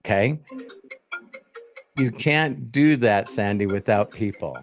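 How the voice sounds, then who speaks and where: A man coaching in a live Q&A, telling stories in a blunt, profane, animated way. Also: lowish voice, slow, soft background music.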